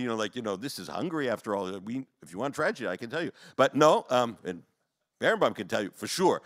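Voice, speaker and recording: A man, a rabbi, telling stories to an audience in a rambling, animated way, full of fillers and short laughs. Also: medium pitch, fairly quick, no room sound, studio quality. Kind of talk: storytelling talk.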